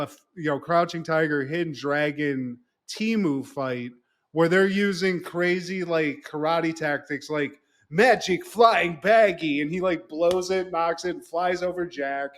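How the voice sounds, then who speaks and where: A man co-hosting a podcast, retelling a movie in casual, animated, profane storytelling. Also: on the high side, measured pace. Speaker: podcast co-host.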